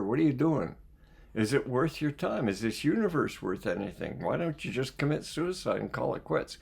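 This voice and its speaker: Gravelly man reading aloud reflectively. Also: medium pitch, darkish tone. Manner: reflective, poses questions to listeners between passages. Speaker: life skills coach reading a book aloud. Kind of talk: reading aloud with spoken asides.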